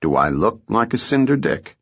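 Cool, dry frontier lawman type, low and steady, narrator doing him; muffled storybook audio. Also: normal speed, creaky, breathy edge, heavily acted. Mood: calm. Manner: calm, dry, composed. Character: cool, polite frontier detective.

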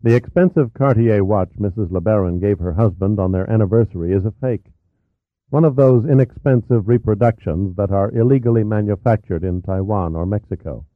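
A man voicing a weary middle-aged coroner who explains things softly. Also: fairly low pitch, brisk, no echo, natural voice. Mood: measured. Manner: soft, explanatory. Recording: tinny narrow-band audio.

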